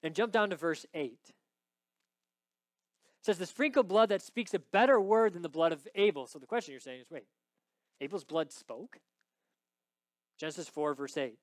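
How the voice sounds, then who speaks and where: Male pastor, high voice, dry close sound, dramatic sermon delivery with hushed drops and loud peaks. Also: lively intonation, normal speed, long pauses, dry recording.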